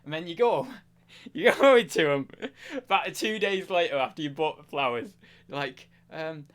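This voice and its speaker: A man's voice: a little high, normal speed, fairly bright tone, smooth. A man chatting casually on a live stream, rambling, self-mocking and talking to his chat.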